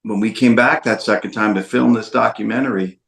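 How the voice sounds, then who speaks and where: A man's voice: fairly low pitch, steady tone, fairly quick, vocal fry, a bit bright. Emphatic man telling a story, roomy sound. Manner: emphatic, repeats phrases for stress. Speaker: documentary filmmaker guest. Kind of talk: storytelling interview.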